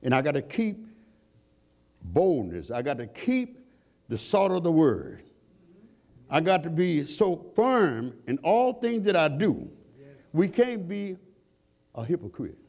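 A man's voice: fairly high pitch, very animated, slow, pauses often, dark tone. A man preaching a sermon in call-and-response style, asking the congregation questions and climbing to fervent peaks.

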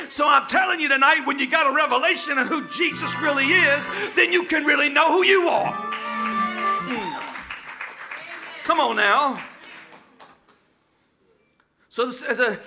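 Man preaching, very high voice, very bright and forceful, shouting call-and-response, faint music behind. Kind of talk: sermon.

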